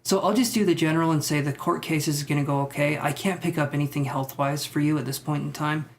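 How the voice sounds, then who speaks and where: Man, tarot reader, live stream, slightly high voice, musing, hesitant, reassuring. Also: steady tone, fast talker. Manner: tentative, musing, thinks aloud with many fillers; reassuring to viewers. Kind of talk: live-stream psychic reading.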